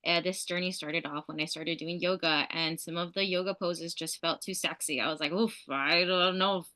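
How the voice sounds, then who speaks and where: A woman's voice: deep voice, steady tone, a little fast, sharp tone. A woman guest on a podcast roundtable, talking candidly and expressively about her life and her work. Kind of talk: casual roundtable sharing.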